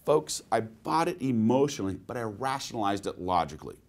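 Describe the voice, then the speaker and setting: Male sales trainer for a webinar: animated pitch, storytelling delivery, peppered with rhetorical questions. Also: a little fast. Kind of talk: webinar presentation.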